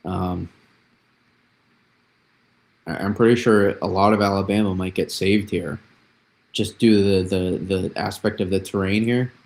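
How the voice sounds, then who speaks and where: Gravelly casual man hosting a weather stream. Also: low-pitched, darkish tone. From New England. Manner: rambling, reads chat aloud, repeats himself. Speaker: weather livestream host. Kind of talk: casual livestream weather analysis.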